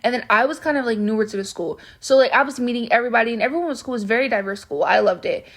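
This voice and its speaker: A soft-spoken young woman with a bubbly manner, rambling through a casual storytime with lots of fillers. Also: on the high side, racing. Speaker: vlogger.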